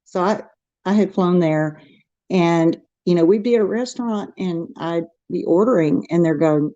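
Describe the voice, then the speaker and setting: A woman's voice: lowish voice, normal speed, dark tone, no room sound, lo-fi sound. A middle-aged woman with a Texan accent, hosting a casual craft livestream, chatting and reading the chat aloud with frequent laughs. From Texas. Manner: chatty, laughs often, rambling restarts.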